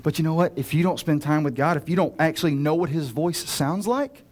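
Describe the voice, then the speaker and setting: A man preaching a sermon as a pastor, earnest and direct, swinging between loud urgent pleading and hushed, slow emphasis. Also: fairly high pitch. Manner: earnest, direct address to listeners.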